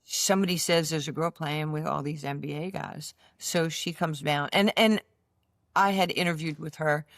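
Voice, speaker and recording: Her voice sits low and she speaks at normal speed. A former basketball player from the United States, in her sixties and with a New York accent, she tells animated stories as an interview guest, acting out the voices, in a casual studio-quality recording without room sound.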